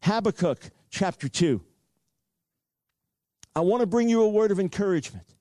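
Older man, preacher, sermon, earnest, repeats phrases, high voice, dry close sound. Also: expressive, normal speed, mellow, no echo. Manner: earnest storytelling with frequent repeats.

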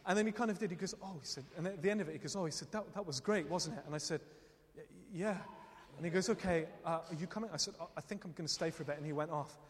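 A man preaching a sermon, telling stories in an animated way and laughing often as he speaks. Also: high-pitched, fast talker. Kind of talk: sermon with storytelling. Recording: long reverb of a hall.

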